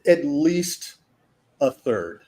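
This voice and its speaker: A man's voice: a little high, sing-song, mellow. A man hosting an art livestream, telling a long rambling anecdote in casual chat. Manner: slow, rambling anecdote teller.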